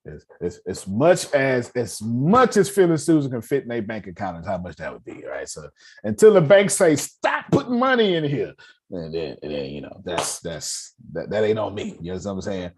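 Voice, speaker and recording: A man's voice: lowish voice, very animated, moderate pace, a little mellow, husky. A man giving a folksy, preachy motivational talk to a live audience, often turning to his listeners directly. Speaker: motivational speaker.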